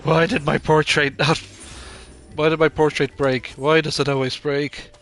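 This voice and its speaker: A man's voice: fairly high pitch, little pitch movement, moderate pace, a bit bright, slight background noise. Sleepy man gaming. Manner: tired, mumbling, trailing off mid-sentence. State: sleepy, yawning. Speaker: gamer streamer. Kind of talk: casual let's-play commentary.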